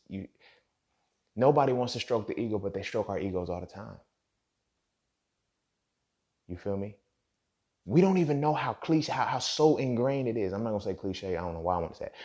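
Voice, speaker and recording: A man's voice: fairly low pitch, a little mellow. A young man hosting a podcast, talking in a blunt, profane, casual monologue straight to his listeners. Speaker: podcast host.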